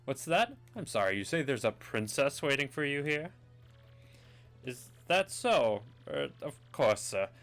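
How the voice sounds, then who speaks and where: A man's voice: medium pitch, very animated, a little slow, a bit bright, faint music behind, voice pushed up. A man voicing a posh, polite boat captain in a video game. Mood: courteous. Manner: posh, formal, courteous.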